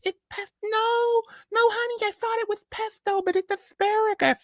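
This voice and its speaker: A man doing a squeaky falsetto as a chirpy, ditzy woman at brunch. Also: level tone, normal speed, fairly bright tone, no room sound. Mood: gushing.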